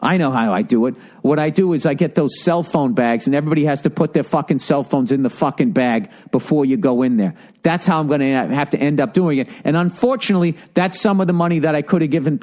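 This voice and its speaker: A man's voice: fairly high pitch, quick pace, darkish tone. A man in his fifties with a Boston accent, ranting profanely and with exasperation as a podcast host reading listener mail.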